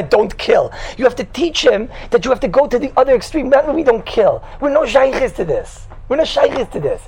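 An extremely high-pitched, creaky, slightly mellow male voice comes through a low-quality recording of a Torah class for a live group. He teaches in a teasing, conversational way, telling stories, mixing in Hebrew and Yiddish terms, and constantly checking in with "right?"

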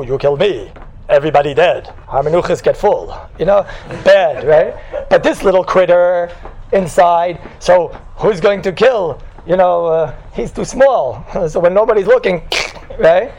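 A man with a high-pitched, darkish voice teaches a Torah class to a live group, captured in a rough recording with a little hiss or hum. Teasing and conversational, he tells stories, drops in Hebrew and Yiddish words, and keeps asking "right?"

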